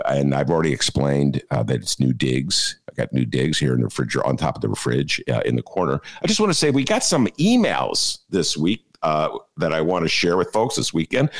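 A man hosting a podcast, chatting in a rambling, jokey way with many filler "uh"s and laughing at his own jokes. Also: very deep voice. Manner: jokey, digressive, full of filler "uh"s. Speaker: podcast host. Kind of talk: rambling comic chat.

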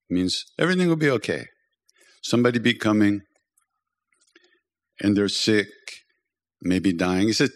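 An older man giving a storytelling spiritual talk, gently humorous and self-deprecating, as a teacher and podcast host. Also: fairly low pitch, expressive, normal speed, pauses often.

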